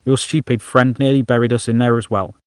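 A man's voice: mid-range voice, fairly even intonation, brisk, clear, resonant tone, no echo, studio quality, natural voice. A man voicing a wounded male alien who talks through coughs and rising panic. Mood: strained. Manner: shouting, coughing.

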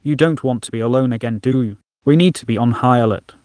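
A man's voice: mid-range voice, quick pace, no echo, studio quality, lightly acted. A man voicing a female critical inner voice in a storybook narration, anxious, relentless and nagging. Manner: sharp, worried, nagging.

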